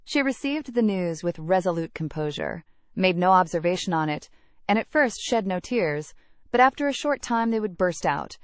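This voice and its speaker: A woman narrating a classic novel aloud in a measured, even reading. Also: on the low side, dry recording. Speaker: audiobook narrator. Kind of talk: scripted narration.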